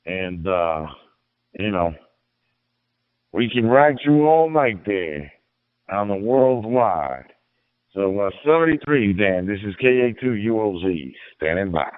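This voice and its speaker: A man's voice: on the low side, big pitch swings, takes it slowly, smooth, no room sound. A middle-aged man from Illinois, an amateur radio operator chatting casually in a folksy, rambling way, repeating his words. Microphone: radio transceiver mic. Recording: narrow, dry radio transmission.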